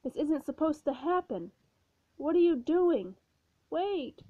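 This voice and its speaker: A woman voicing a fussy, excitable male ghost who complains indignantly. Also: sits high, takes it slowly, voice pushed up, exaggerated voice. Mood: whiny. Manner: whiny and indignant. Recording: dull, dry recording.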